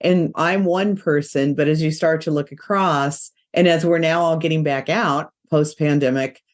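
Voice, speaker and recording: A woman hosts a podcast interview in a low-pitched voice at normal speed with fairly even intonation. She's enthusiastic and chatty, and allergies give her voice a slightly nasal quality.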